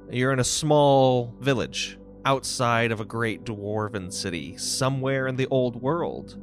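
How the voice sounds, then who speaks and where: A man's voice: medium pitch, fairly bright tone. A man running a tabletop game as game master, describing scenes loosely with jokes.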